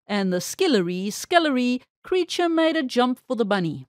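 A woman reading a children's storybook aloud with expressive, animated storytelling. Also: fairly high pitch, moderate pace, few pauses, dry recording, clean studio sound.

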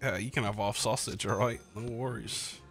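A man's voice: on the low side, fairly even intonation, normal speed. A man playing a cooking game with his friends, chatting casually and laid-back, ending his sentences with "mate". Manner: laid-back, keeps tagging lines with "mate". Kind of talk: casual gaming banter with friends. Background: game music.

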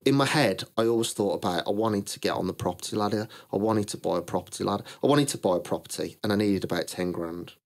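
A man's voice: fairly low pitch, fast talker, few pauses. A British man, a brand founder, casually tells his story in an interview, acting out old conversations and laughing at his own punchlines. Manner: lively, acts out both sides of past conversations. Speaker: clothing brand founder, podcast guest.

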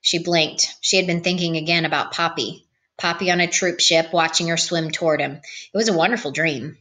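Bright-voiced woman reading a storybook. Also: fairly low pitch, fairly even intonation, fairly quick. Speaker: audiobook reader. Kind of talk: storybook narration.

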